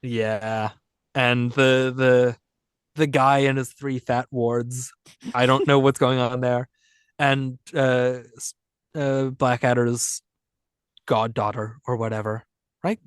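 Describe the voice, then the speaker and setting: A man's voice: mid-range voice, flat delivery, slow pace, clear, resonant tone, no room sound, clean studio sound. A man co-hosting a podcast, rambling and joking in casual chat. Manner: rambling, chatty, jokey. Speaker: podcast co-host.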